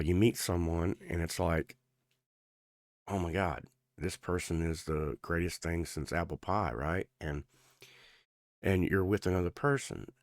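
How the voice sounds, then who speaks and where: Deep-voiced man giving a rambling tarot reading. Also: darkish tone, no room sound, studio quality. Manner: rambling, earnest, many fillers and restarts. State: sore gums affecting speech. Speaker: tarot reader.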